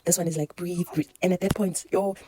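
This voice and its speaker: A woman with a South African accent telling a casual storytime, animated and mixing Zulu into her English. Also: on the low side, fast, noisy background. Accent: South African, Zulu-mixed English. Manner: animated, code-switching, laughing through a birth story. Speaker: vlogger.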